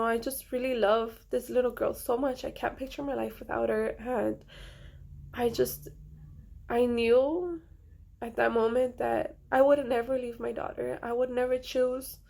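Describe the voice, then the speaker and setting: A young woman telling a personal story to her viewers in an earnest, halting way, with many pauses and fillers, quietly emotional. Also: fairly high pitch, little pitch movement, gravelly. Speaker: vlogger.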